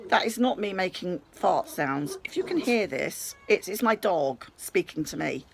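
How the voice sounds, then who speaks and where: British woman vlogger, home storytime, gravelly edge, animated delivery. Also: lowish voice, unhurried, few pauses. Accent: British English. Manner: animated, rambling storyteller who swears casually. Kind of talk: chatty storytime vlog.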